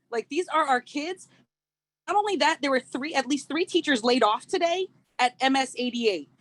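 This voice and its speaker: A woman's voice: high-pitched, animated, moderate pace, no echo. A woman, a parent giving an impassioned, emphatic public comment at a council meeting. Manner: outraged, repetitive "like", emphatic.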